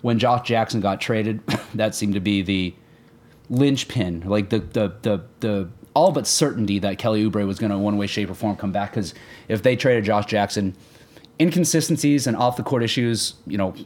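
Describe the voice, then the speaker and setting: Excitable young man co-hosting a sports podcast. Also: normal speed. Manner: excitable, jokey, pitch jumps up when animated. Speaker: podcast co-host. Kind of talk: casual sports podcast chat.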